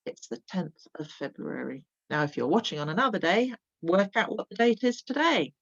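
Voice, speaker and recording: A woman's voice: lowish voice, animated, creaky, breathy edge. Patient teacher woman, lo-fi recording. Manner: patient, encouraging, models phrases slowly. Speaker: primary school teacher. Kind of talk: recorded remote lesson.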